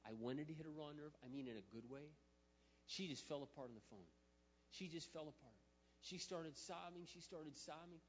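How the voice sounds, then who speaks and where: A male pastor telling a story in a sermon, moving from quiet, intimate storytelling to loud, emphatic preaching. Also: medium pitch, brisk, a little hiss or hum. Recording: muffled sound with long hall reverb.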